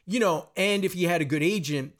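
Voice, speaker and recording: A man's voice: sits high, fairly quick, fairly bright tone. Rambling, self-deprecating male podcast host. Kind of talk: casual film-discussion podcast chat.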